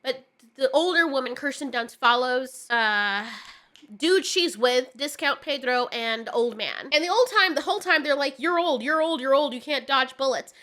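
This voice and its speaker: A woman's voice: sits high, lively intonation, moderate pace, pushed and bright. A woman giving a ranting casual film review, exasperated and sarcastic, swearing often. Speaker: movie reviewer.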